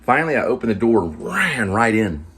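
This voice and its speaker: A man's voice: on the low side, sing-song, fairly quick, fairly bright tone, slightly rough. A man hosting a casual cooking and pet vlog at home, rambling in an easygoing way with many filler words while he eats. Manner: talks while eating. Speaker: vlog host.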